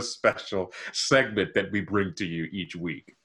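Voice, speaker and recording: A man's voice: deep voice, normal speed, few pauses, fairly bright tone, slightly rough. A man co-hosting a podcast in casual chat, jokey and theatrical, often mocking himself. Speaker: podcast co-host.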